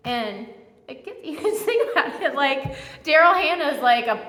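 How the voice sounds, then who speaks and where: Bright-voiced woman preaching in echoey hall. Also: high voice, moderate pace. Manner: animated, self-mocking, chatty storytelling. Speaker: guest speaker at church. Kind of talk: sermon with personal storytelling. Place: church sanctuary. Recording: echoey church hall reverb.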